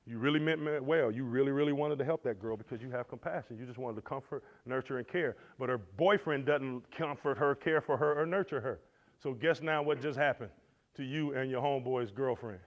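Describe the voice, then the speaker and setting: A man teaching at a Christian men's conference, animated and preacherly, swinging between loud and soft. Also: mid-range voice, a little fast. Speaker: conference speaker. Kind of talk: motivational church teaching. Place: lecture hall. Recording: dull lo-fi recording.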